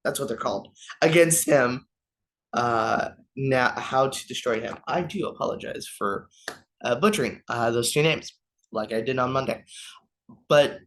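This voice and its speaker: A man's voice: mid-range voice, a little slow, fairly bright tone, slight background noise. A young man, a youth minister, gives an informal devotional reflection, stumbling over names and apologizing as he goes.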